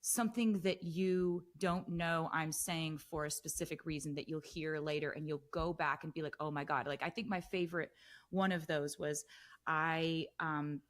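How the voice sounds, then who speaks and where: A woman in her thirties, a guest on a casual podcast, telling animated stories with lots of fillers. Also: sits low, moderate pace. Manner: chatty, animated storytelling with frequent fillers. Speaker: guest musician.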